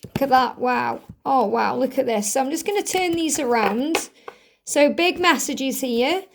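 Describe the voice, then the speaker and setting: A woman with a high, light voice gives a spiritual tarot card reading. She speaks earnestly and gently emphasises her points. She often circles back to repeat a phrase. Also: animated, a little slow, gravelly, slight background noise. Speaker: tarot reader.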